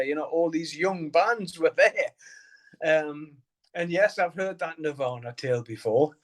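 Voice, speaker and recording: A man's voice: a little high, normal speed. A middle-aged man with a Geordie accent, a musician guest rambling through stories with lots of swearing and laughter. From Newcastle, England. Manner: rambling storyteller, heavy swearing, frequent laughter, many restarts. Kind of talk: casual interview chat.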